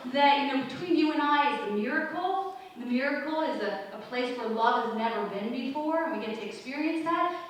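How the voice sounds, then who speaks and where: A woman's voice: sits high, slight background noise. A woman hosting a spiritual talk show, speaking earnestly and conversationally with frequent asides. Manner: earnest, conversational, many "you know" asides. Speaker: host. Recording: roomy echo, distant mic, faint ambience.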